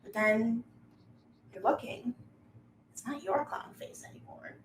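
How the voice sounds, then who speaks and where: A woman's voice: on the high side, unhurried. Brief: woman game master, casual descriptive narration full of fillers, echoey room, faint hiss.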